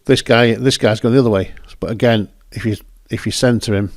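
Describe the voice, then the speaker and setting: Man, photographer host, casual commentary, rambling, low-pitched, dry recording. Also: fairly even intonation, fairly quick, no room sound. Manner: rambling, self-correcting, chatty.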